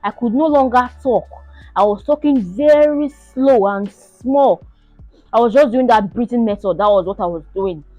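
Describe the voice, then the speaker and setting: A young woman telling her own story to the camera in an animated, casual way, laughing often and acting out the shouts and pleas. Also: on the high side, moderate pace, no room sound, highs cut off, soft background music. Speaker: vlogger sharing her birth story.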